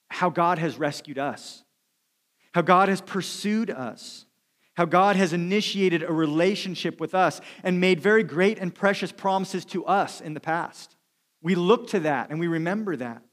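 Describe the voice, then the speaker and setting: A male pastor preaching a sermon earnestly, slowing and dropping quiet to stress key lines. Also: high-pitched. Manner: earnest preaching, slows and drops quiet for emphasis.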